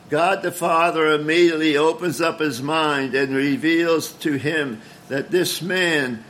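A man's voice: on the high side, fairly bright tone, a little hiss or hum. A man preaching a sermon in an earnest, emphatic way, often stumbling and restarting words.

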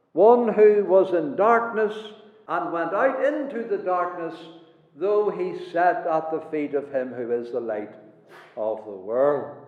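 Man preaching slow and high-pitched, big church echo, sounds like it's over a phone. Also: darkish tone. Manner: measured, emphatic preaching with repeated phrases. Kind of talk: sermon. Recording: echoey hall on a tinny, phone-like line.

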